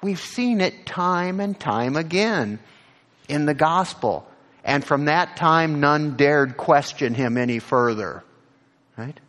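A male pastor preaching an animated sermon. He asks the congregation direct questions and rises to emphatic peaks when he quotes scripture. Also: a little high, unhurried, big-room sound.

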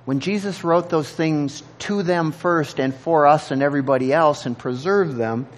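A man preaching a sermon in an earnest, halting way, often repeating words as he searches for the next thought. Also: a little high. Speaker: pastor.

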